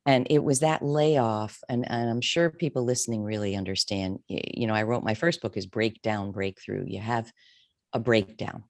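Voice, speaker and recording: A woman's voice: moderate pace, a little mellow, no room sound, studio quality. A woman in her fifties, a career coach telling her story candidly and emotionally in an interview. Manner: candid, emotional, wide swings in pitch.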